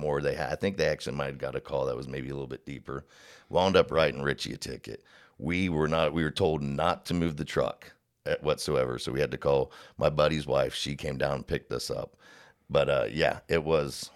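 Gravelly, very deep-voiced man spinning yarns. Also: brisk. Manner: rambling, folksy storyteller, acts out voices in his anecdotes. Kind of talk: casual storytelling chat.

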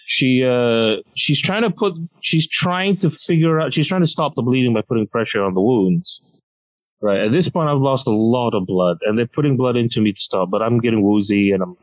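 A man casually telling a funny story on a podcast, lively and acting out the people in it. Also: rough recording. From Malaysia. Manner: animated, acts out quoted people with big pitch jumps.

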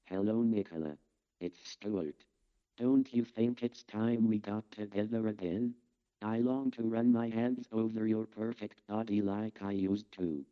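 An actor playing a creepy obsessive stalker who leaves an intimate, leering message heard over a phone line. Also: male voice, fairly low pitch, fairly even intonation, a little slow, clear, resonant tone. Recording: tinny answerphone message.

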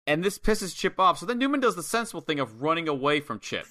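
A man's voice: on the high side, sing-song, fast talker, pushed and bright. A young man co-hosting a podcast, recapping a wrestling match play by play in casual chat and swearing freely. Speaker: podcast co-host.

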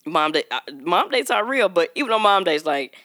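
A woman co-hosting a podcast, talking in with a bright, forward tone. She tells stories in a lively way and laughs often. The sound is close and dry. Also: moderate pace, no room sound. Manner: animated storyteller, acts out quotes in a high voice, laughs often. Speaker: podcast co-host. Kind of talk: casual chat.

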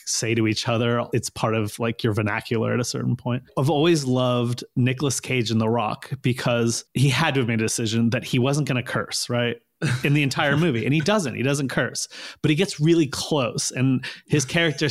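A man's voice: medium pitch, normal speed. Rambling man in casual chat. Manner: rambling, peppers talk with "like" and "right?".

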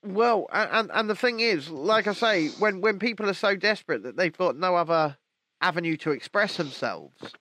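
A man's voice: sits high, expressive, normal speed, bright, forceful tone, a little hiss or hum. A man in casual chat as a podcast co-host, talking emphatically and piling up phrases in lists.

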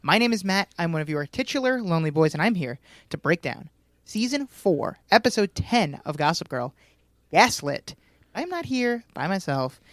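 A man hosting a podcast, animated and jokey in casual chat. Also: high-pitched, moderate pace, dry recording, clean studio sound. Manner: animated, jokey, laughs often. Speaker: podcast host.

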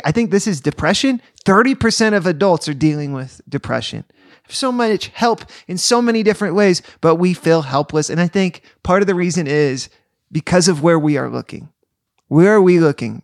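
A man co-hosting a casual faith podcast, talking earnestly and slowing down to read scripture like a preacher. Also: on the high side, no echo, studio quality. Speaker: podcast co-host and youth leader.

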